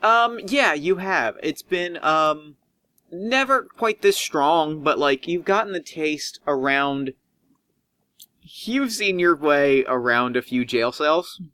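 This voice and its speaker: Brief: man, tabletop game master, fairly high and bright voice, dry close sound, animated narration. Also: takes it slowly, no room sound. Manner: animated, swings pitch when describing.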